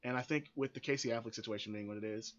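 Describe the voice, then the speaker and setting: A man's voice: mid-range voice, very fast, lo-fi sound. A man hosting a podcast, giving blunt, opinionated commentary that rambles with frequent restarts and free swearing. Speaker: podcast host.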